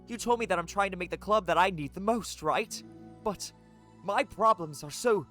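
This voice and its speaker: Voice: mid-range voice, normal speed, a bit bright, faint music behind, pitched above the performer's own voice, natural voice. A streamer reading out the lines of a teenage girl who leads a club and is weighed down by guilt, in an earnest, self-reproaching voice. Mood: guilty. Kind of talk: reading visual novel dialogue aloud.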